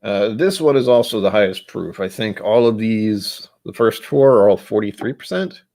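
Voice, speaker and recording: A man's voice: fairly low pitch, normal speed, a little mellow. An American man hosting a casual whisky-tasting livestream from home, rambling and self-deprecating as he sets up and talks to himself. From United States. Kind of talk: casual solo livestream chat. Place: home room, seated at a desk with glasses.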